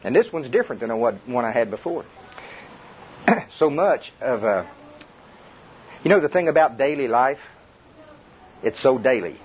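Folksy older preacher on tape. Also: male voice, mid-range voice, animated, moderate pace, pauses often. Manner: folksy, chuckling, conversational. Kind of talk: sermon. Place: church before a congregation. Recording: dull lo-fi tape with faint hiss.

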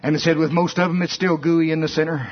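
A man preaching a folksy, animated sermon that rises to shouts at its peaks. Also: a little high, fast talker, background noise. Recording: dull lo-fi recording.

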